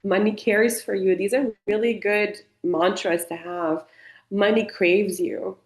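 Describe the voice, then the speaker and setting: A woman's voice: medium pitch, steady tone, a little slow. A woman leading a group coaching session over a video call, speaking playfully and encouragingly and often calling out to everybody. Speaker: somatic coaching instructor. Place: indoor room. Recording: roomy echo.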